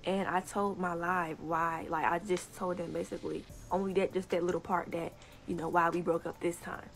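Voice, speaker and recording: A young woman telling a casual story time on social media, animated and indignant, often breaking into laughter. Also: on the low side, normal speed, vocal fry, soft background music. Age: young adult. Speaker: TikTok storyteller.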